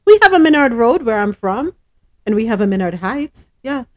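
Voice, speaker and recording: A woman's voice: fairly high pitch, sing-song, normal speed, a little mellow. A woman hosting a live radio show, chatting with laughter and reading news items aloud.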